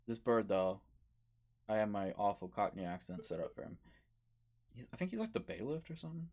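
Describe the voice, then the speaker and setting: A man's voice: low-pitched, expressive, a little fast, long pauses, a little mellow, breathy edge. A man streaming a game playthrough, rambling casually and chatting to his viewers in a self-mocking way.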